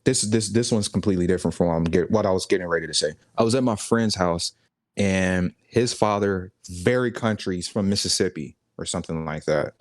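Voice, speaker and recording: A man's voice: low-pitched, a little fast, no echo, studio quality. A young man from the South, co-hosting a casual podcast and telling rambling stories with frequent laughter. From Southern United States. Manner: rambling storyteller, laughs often, acts out quotes. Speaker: podcast co-host. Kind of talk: casual chat.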